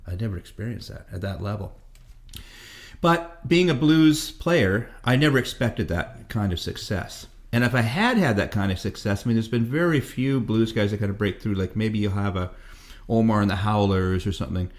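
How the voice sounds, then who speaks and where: A man in his fifties from Canada, a musician being interviewed casually, rambles through stories with plenty of swearing. His voice sits on the low side with lively intonation, at normal speed.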